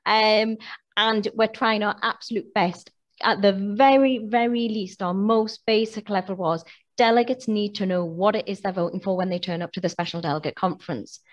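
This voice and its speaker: A woman's voice: medium pitch, fairly even intonation, moderate pace. A woman answering questions in an online meeting, earnest and persuasive, and losing her voice. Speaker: union representative answering questions. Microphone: video call mic.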